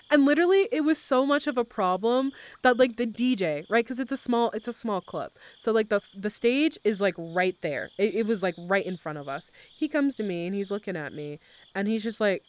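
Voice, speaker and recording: A woman's voice: medium pitch, lively intonation, a little fast. A young woman live streamer in loose, casual chat. She tells stories animatedly, swears freely, and scatters filler words through every sentence.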